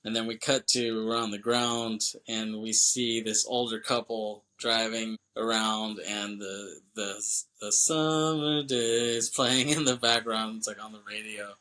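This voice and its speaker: Young male podcaster, bright forceful tone, loose rambling recap with quick character impressions. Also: lowish voice, poor audio. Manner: rambling retelling, quoting characters with quick voice shifts. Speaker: podcast co-host. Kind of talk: casual movie recap.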